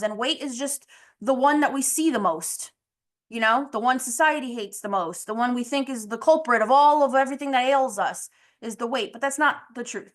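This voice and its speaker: A woman with a slightly high voice talks as a health coach in a casual podcast monologue. She is candid and blunt, and often laughs and swears offhandedly. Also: a bit bright.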